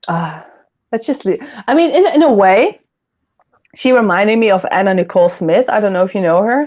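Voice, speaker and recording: A woman's voice: medium pitch, animated, moderate pace, muffled recording. A woman hosting a casual livestream chat, rambling and giggling often as she talks. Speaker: host.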